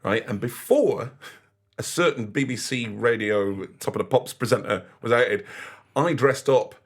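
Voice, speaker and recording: A man's voice: medium pitch, a little slow. A man, a DJ and comedian, telling stories in casual chat and laughing through them. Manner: laughs through his stories, acts out quoted people loudly. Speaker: podcast guest, DJ and comedian.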